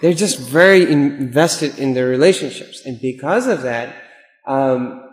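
Man preaching in an echoey hall. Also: mid-range voice. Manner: conversational, acts out quoted voices. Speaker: imam giving a talk. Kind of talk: sermon with anecdotes.

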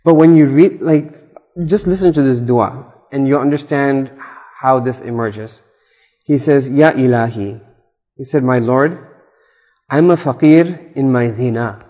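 Guy explaining a prayer in a chatty lecture, mid-pitch voice, long hall echo. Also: measured pace, warm tone. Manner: conversational, sprinkles in Arabic terms and asks "right?". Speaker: Islamic speaker. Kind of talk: religious lecture explaining a supplication. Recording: hall reverb.

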